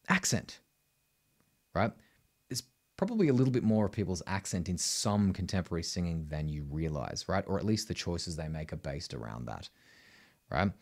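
Brief: middle-aged Australian male vocal coach, lowish voice, punchy and blunt. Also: darkish tone. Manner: emphatic, blunt, keeps adding "right?". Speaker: singing teacher. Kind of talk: vocal tutorial to camera.

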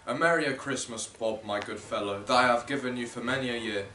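A man's voice: mid-range voice, a little fast, bright, forceful tone, slight background noise, natural voice. A young man reading the lines of a giddy, reformed old miser, recorded echoey and distant. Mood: earnest. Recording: echoey room, distant mic, faint ambience.

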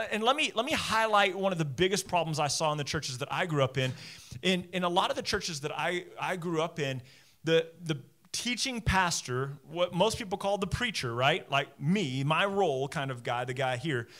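Animated pastor preaching from the stage. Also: male voice, a little high, normal speed. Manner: conversational, animated, talks straight to listeners; self-deprecating humor. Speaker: teaching pastor. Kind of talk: sermon. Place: church stage.

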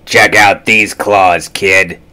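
A man putting on a raspy girl monster from a storybook. She snaps her words out loud and slow, touchy and proud of her scary tail. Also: low voice, steady tone, exaggerated voice. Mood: sassy. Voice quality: raspy, snappish.

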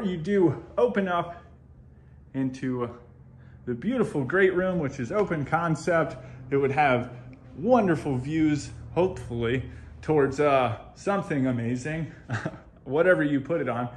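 A man hosting a home tour video, walking around a model house and gushing over its features in a chatty, upbeat way. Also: fairly high pitch. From United States. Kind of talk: enthusiastic home tour walkthrough.

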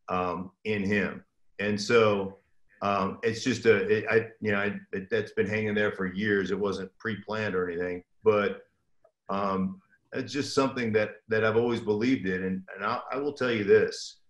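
Gravelly-low father telling stories in an echoey room. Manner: rambling and self-deprecating, many restarts. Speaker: guest, former football player. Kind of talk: casual storytelling. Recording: roomy echo.

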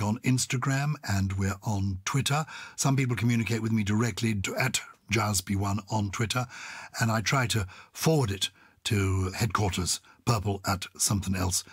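An older man co-hosts a chatty podcast with a husky, slightly breathy voice. His delivery is exuberant and theatrical. The recording is close and dry. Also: lowish voice, moderate pace, dry recording. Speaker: podcast co-host. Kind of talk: casual chat.

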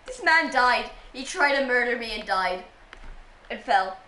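A young woman streamer with a high, bright voice, bantering with other players in a playful, teasing way. The sound is roomy, with a faint hiss of background noise. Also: animated, measured pace. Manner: playful, teasing, laughs often. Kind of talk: casual gaming livestream chat.

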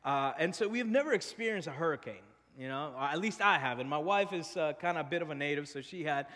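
Pastor, male, casual and animated; crisp, slightly high voice with a long church-hall echo. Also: quick pace. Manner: casual, animated, laughing often. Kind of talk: sermon with personal storytelling. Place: church stage.

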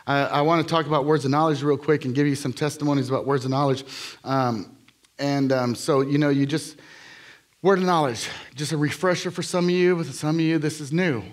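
Energetic rambling preacher man. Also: on the high side, fairly quick. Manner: energetic, jokey, rambling with frequent fillers and restarts. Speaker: guest preacher. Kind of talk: live sermon with healing testimonies. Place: church sanctuary.

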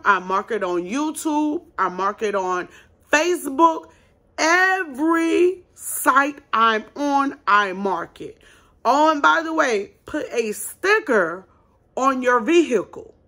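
A woman's voice: high voice, sharp tone. A woman running her own small business, hosting a casual advice vlog and talking bluntly and emphatically straight to her viewers.

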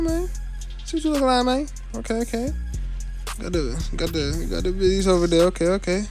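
Over background music, a young male YouTuber with a high voice and vocal fry jokes his way through rating viewers' avatars at a fairly quick pace. His casual commentary is blunt and full of slang, with tags like "you feel me" throughout.

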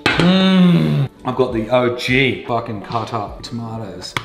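A young man chats through a recipe at home, his pitch leaping about with excitement and his talk slow and loose. He swears freely. The kitchen sounds echoey, with music playing underneath. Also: gravelly. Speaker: home cooking vlogger. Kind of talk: casual cooking vlog.

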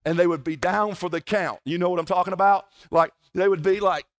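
A pastor from South Georgia with a Southern US accent, preaching a folksy, conversational sermon at a church service, with playful asides to the congregation. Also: male voice, sits high, fairly even intonation, a little fast. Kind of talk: sermon with prayer and personal storytelling.

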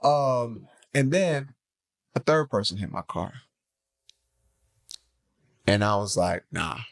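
A man co-hosting a faith podcast, mixing emphatic preaching with animated, slangy storytelling. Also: mid-range voice, slow pace. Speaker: podcast co-host.

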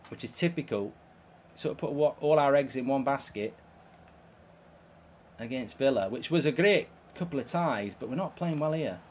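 A man's voice: mid-range voice, darkish tone, slight background noise. A man with a heated, swear-filled delivery, hosting video game commentary. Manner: exasperated, swears often. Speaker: host.

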